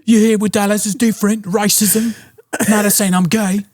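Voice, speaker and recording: Man doing a whiny, high-pitched impression of a defensive podcaster; rambling, over-the-top parody. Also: flat delivery, moderate pace, darkish tone. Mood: mocking. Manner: high, strained mimicking voice. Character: loud excitable male podcaster, defensive and rambling.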